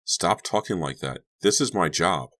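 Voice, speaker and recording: Angry teen babysitter girl, read by a man, deep-voiced, clipped and insistent, audiobook. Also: expressive, normal speed. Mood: tense. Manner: sharp, insistent. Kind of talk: audiobook character voice.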